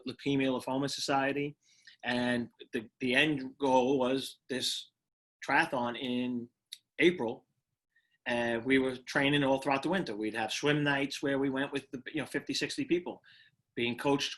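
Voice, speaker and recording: A middle-aged man from Brooklyn, telling his personal story as an interview guest in an earnest, reflective way with halting restarts. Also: medium pitch, fairly bright tone. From Brooklyn, New York. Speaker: guest, retired firefighter.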